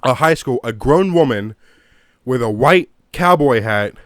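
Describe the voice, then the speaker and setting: A man's voice: mid-range voice, lively intonation, measured pace, a bit bright, no echo, clean studio sound. Swearing man ranting about a movie. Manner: profane, rambling, gets worked up. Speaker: video creator reviewing a movie. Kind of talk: casual ranting commentary. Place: home room. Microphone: own desk mic.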